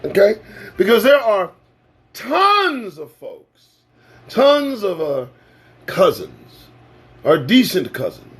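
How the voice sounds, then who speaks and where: Male talk host: animated, sarcastic sermon-like rant, speaks slowly with big pitch swings. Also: husky. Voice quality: animated, swings from loud bursts to low asides. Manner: preachy, sarcastic, swears freely. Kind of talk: profane freewheeling monologue.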